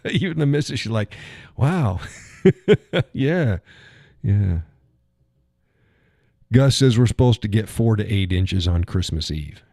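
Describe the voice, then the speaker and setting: His voice is lowish and mellow, animated yet slow, with long pauses, recorded in a studio with no echo. The man is hosting a live stream during recovery from a leg injury, reading chat comments casually and telling rambling, profane stories while he chuckles.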